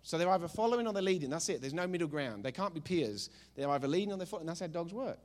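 A male pastor preaching a sermon, telling a funny story with emphatic, animated delivery. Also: fairly high pitch, rapid-fire.

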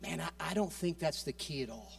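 A man preaching a sermon with passion, moving between loud urging and quiet soft passages, often repeating and restarting his words. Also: fairly high pitch, lively intonation, a little fast, gravelly, distant mic, slight background noise.

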